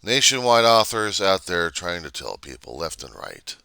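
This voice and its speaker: A man's voice: deep voice, sing-song, normal speed, sharp tone, smooth, no echo. A man delivering an angry, blunt, profanity-laden vlog rant. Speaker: vlogger. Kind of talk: angry ranting monologue.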